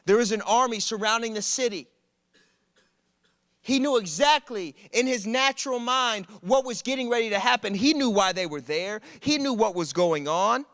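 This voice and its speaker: A man preaches to a college crowd, telling his own stories with humor and energy. His voice sits high and bright. The sound is close and dry. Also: moderate pace, dry recording. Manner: animated, conversational storytelling with humor. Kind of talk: sermon. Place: church service.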